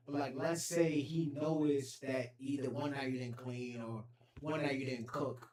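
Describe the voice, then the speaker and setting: A man's voice: on the high side, steady tone, a little slow, a crowd in the background. A man hosting a casual chat, asking probing questions and rephrasing them. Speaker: podcast host. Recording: echoey room with faint noise.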